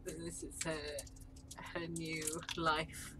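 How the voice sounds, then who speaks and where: A woman co-hosting a live drawing stream, chatting casually and teasing with playful deadpan jokes. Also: deep voice, slow pace, background noise. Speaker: stream co-host.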